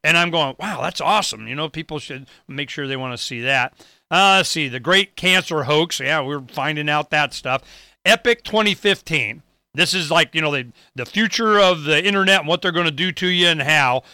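A middle-aged man talks loosely through the articles on his site, wandering into stories and suspicious asides. His voice is very bright and cleanly defined, a little higher than most men's. The sound is dry and close, with no room around it. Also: normal speed, clear, resonant tone, no room sound. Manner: rambling, anecdotal, with conspiratorial asides. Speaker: website publisher walking through his site. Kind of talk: casual screen-share talk.

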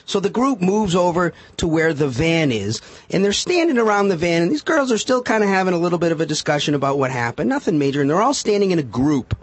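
A man's voice: high-pitched, fast, hardly any pauses, husky, dry recording. A man telling a case story as a guest on a radio talk show, acting out the quotes. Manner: animated storyteller, acts out quotes. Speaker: defense attorney guest.

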